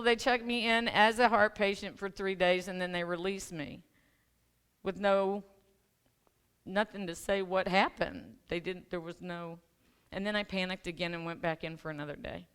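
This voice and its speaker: A woman's medium-pitched voice, clean and fairly bright, holds a steady tone at normal speed. She's a life coach giving a guest sermon in a church sanctuary, chatting through a personal story, poking fun at herself, and laughing with the congregation.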